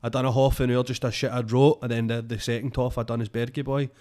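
A young man with a Scottish accent talks loosely on a podcast, circling back and checking in with his listener. His voice sits at an ordinary middle pitch. The chat is sweary and unpolished. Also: flat delivery, fast, darkish tone. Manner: sweary, rambling, says "know what I mean" a lot. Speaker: comedian guest.

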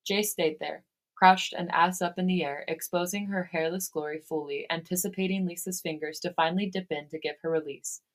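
A woman podcast host reading fan fiction aloud, steady in her reading and given to breaking into laughter. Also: on the low side, fairly quick.

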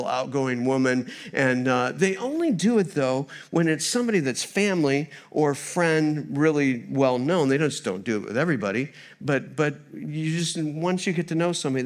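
A man preaching a sermon in a church as a guest speaker, a former missionary who tells funny stories in an animated way. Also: mid-range voice. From United States. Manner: storytelling, humorous and animated.

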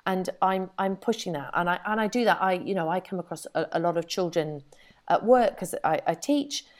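Brief: middle-aged woman, podcast co-host, chatty storyteller, slightly low voice. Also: brisk. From Wales. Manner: chatty, animated storyteller who laughs often. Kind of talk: casual chat.

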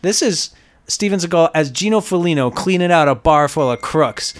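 A man's voice: fairly high pitch, lively intonation, moderate pace. A man hosting a casual comedy podcast, introducing clips and laughing along. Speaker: podcast host.

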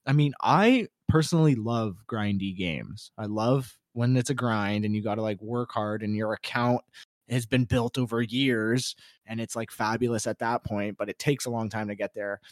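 A man co-hosting a casual gaming chat, talking in a relaxed, rambling way full of fillers. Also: on the low side, normal speed, no room sound, clean studio sound. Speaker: podcast co-host.

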